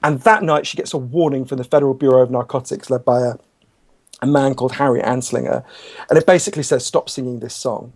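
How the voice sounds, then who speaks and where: A man's voice: medium pitch, steady tone, quick pace, darkish tone. A man in his thirties with a cold, speaking as an author guest in a candid, passionate interview. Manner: passionate, candid, with frequent restarts. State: has a cold. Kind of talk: conversational interview.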